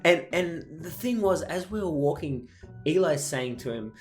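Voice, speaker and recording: A man co-hosting a podcast, telling family stories in a casual, animated way and laughing often. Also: on the high side, a little slow, faint music behind. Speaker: podcast co-host. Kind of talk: casual storytelling chat.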